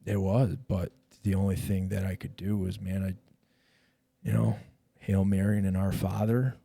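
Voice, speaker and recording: A man's voice: low-pitched, normal speed, creaky, no room sound, studio quality. A middle-aged man, a retired police officer, telling his own story in a casual podcast chat, swearing freely and acting out the lines of the people in it. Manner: profane, animated retelling with quoted dialogue.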